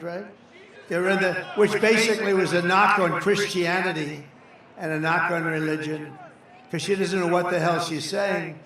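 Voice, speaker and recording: Male political candidate at a rally, higher pitch, bright forceful tone, loose repetitive delivery, heavy venue echo. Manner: rambling, repeats phrases for emphasis. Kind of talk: off-the-cuff rally speech. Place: large rally venue with a crowd. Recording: very echoey venue with crowd noise.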